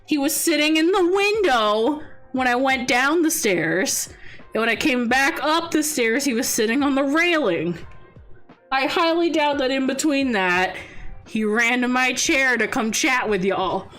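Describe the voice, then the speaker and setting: Female streamer, high voice, unhurried, playful and exasperated, quick to laugh. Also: expressive, a bit bright, soft background music. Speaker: VTuber streamer. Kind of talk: casual gaming livestream chat.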